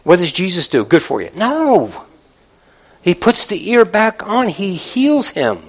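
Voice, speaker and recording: Guy preaching a sermon, kinda high voice, talks to the church like a chat, acts out the quotes. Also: slow, rough recording. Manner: animated, conversational preaching with quoted voices and rhetorical questions.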